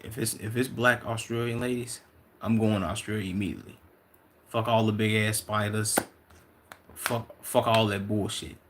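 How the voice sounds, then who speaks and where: A young man from Chicago, a livestreamer reading out and answering chat in loose, profane, excitable banter. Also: fairly low pitch, normal speed, background noise.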